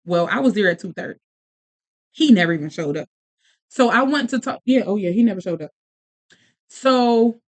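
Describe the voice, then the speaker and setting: Telling a story in relaxed chat, a podcast host and mother in her thirties speaks with a voice on the high side, in rapid bursts broken up by restarts and side comments.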